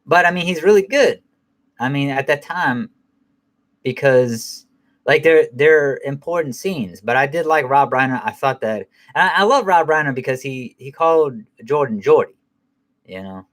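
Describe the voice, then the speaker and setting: A middle-aged man talks through a film in a loose, unscripted way, peppering his sentences with profanity. He wanders, restarts, and corrects himself as he goes, in a voice of ordinary pitch for a man. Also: lively intonation, moderate pace, fairly bright tone. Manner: rambling, profane, self-correcting. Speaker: film reviewer. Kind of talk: casual spoken film review.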